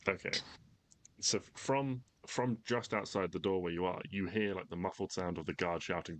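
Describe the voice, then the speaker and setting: A man's voice: deep voice, normal speed. A man narrating as game master in easygoing, loosely phrased narration full of fillers.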